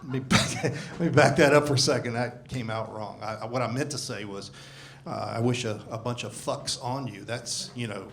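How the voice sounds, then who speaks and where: A man in his sixties doing a gruff, profane, self-mocking stand-up comedy set on a club stage. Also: medium pitch, moderate pace, a bit bright, slight background noise. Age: 60s. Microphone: handheld stage mic. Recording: live club recording with crowd laughter. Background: audience laughing.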